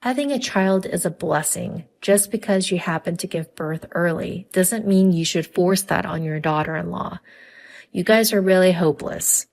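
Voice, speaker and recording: A woman voicing an angry middle-aged father-in-law who loudly scolds his wife and son in a narrated story. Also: fairly low pitch, moderate pace, vocal fry. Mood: stern. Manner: loud, scolding.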